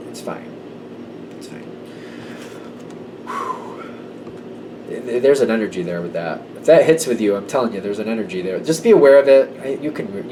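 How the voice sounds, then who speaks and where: A man's voice: on the low side, recorded from a distance, background noise. Emphatic man giving a tarot reading. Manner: conversational, emphatic, slips into quoted voices. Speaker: tarot reader. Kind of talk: casual tarot reading to camera.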